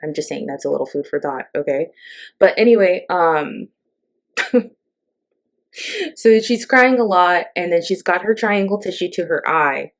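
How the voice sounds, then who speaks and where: A woman's voice: on the low side, expressive, measured pace, pauses often. A middle-aged woman hosting a casual, sarcastic ranting monologue, chatty and full of fillers and asides. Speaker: host.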